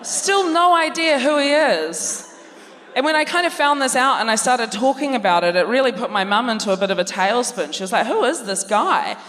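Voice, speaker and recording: A woman's voice: medium pitch, fairly bright tone. A woman, a comedian co-hosting, telling a dry, self-mocking story on stage and acting out family voices. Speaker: comedian co-host. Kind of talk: live stand-up storytelling. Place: large theatre stage before a laughing audience. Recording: long hall reverb, audience noise.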